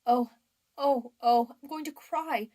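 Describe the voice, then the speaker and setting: A woman's voice: high voice, fairly even intonation, slow pace, dark tone. A woman voicing a grieving young orphan girl who falters and pleads tearfully in a storybook reading. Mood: tearful, pleading.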